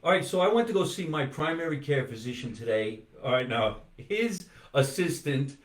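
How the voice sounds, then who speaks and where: An older man hosting a comedy podcast, telling lively anecdotes in casual chat. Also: mid-range voice, moderate pace, echoey room. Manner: animated storyteller, swears, does voices in anecdotes. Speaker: podcast host.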